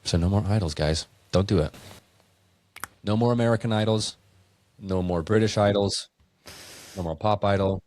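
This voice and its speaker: A man's voice: fairly low pitch, normal speed, pauses often, a little mellow, no echo. A man co-hosting a casual comedy podcast, reading scripture verses aloud and then riffing on them with wordplay jokes. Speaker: podcast co-host.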